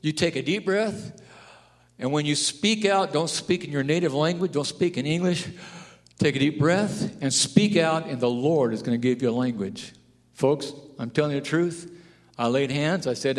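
A pastor preaching a sermon, telling stories and rising to loud, emphatic declarations. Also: male voice, on the high side, lively intonation, moderate pace. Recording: long hall reverb.

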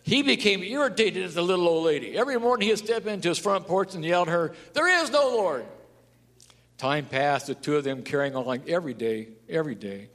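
A male pastor delivers a storytelling sermon in a slightly high voice. He climbs to loud, emphatic declarations, and the long reverb of a church hall trails each phrase. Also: lively intonation, quick pace, few pauses.

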